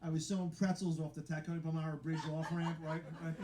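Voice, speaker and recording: Male stand-up comic, high voice, rambling self-mocking delivery, laughs at his own jokes, roomy live venue sound. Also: level tone, fast, background noise. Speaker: stand-up comedian. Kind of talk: stand-up comedy set. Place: live comedy venue with audience.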